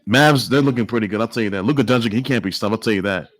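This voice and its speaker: A man's voice: on the low side, very fast, a bit bright. A man doing a casual sports vlog, trash-talking and repeating himself with lots of filler words. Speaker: sports vlogger.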